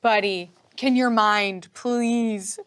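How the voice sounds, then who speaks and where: A woman's voice: medium pitch, steady tone, very slow, fairly bright tone, clear, resonant tone. A woman guest on a podcast, teasing the others while laughing as she talks. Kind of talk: casual chat.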